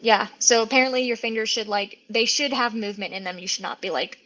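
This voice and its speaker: A woman's voice: a little high, fast, sharp tone, lo-fi sound. Guest: woman from New Orleans way, raised voice, chatty, lots of "like", easy laugh over a video call. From New Orleans area, Louisiana. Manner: chatty, frequent "like" fillers, laughs often. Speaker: guest, mountain biker. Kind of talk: casual interview chat.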